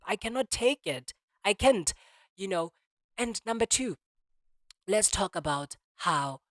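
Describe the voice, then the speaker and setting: A young man talking to camera in a casual monologue, animated, restarting and repeating himself often. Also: on the high side, no echo, clean studio sound. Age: young adult. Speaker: vlogger.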